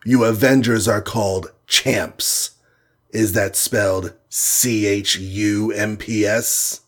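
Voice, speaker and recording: A man's voice: lowish voice, a little slow, breathy edge. A man putting on a gloating Cars, villain with French flair. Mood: mocking. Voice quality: mocking, gloating. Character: gloating scheming male supervillain with French phrases.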